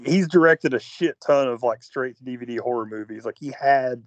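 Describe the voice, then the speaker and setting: A man's voice: medium pitch, fairly quick, no echo. A man co-hosting a movie podcast, ranting with lots of likes and swearing in a casual chat. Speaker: podcast co-host. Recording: dull lo-fi sound.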